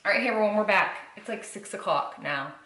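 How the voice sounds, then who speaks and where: A young woman talks straight to her camera in a casual vlog, filling her story with "like" and acting out what everyone said. Her voice sits at an ordinary pitch for a woman. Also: quick pace, a little hiss or hum. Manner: animated, acts out quoted voices, frequent "like". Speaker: vlogger.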